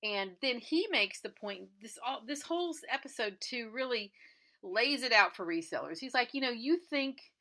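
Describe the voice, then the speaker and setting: Bright-voiced woman chatting through a recap. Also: a little high, lively intonation, normal speed. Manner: chatty retelling, acting out characters' lines. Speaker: clothing reseller reviewing a TV episode. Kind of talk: casual episode recap.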